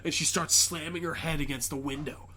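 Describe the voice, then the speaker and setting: Rambling, bright-voiced podcast man. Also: on the high side, steady tone, a little fast. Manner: rambling, many fillers and swearing, quotes characters. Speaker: podcast host. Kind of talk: casual chat, retelling a movie plot.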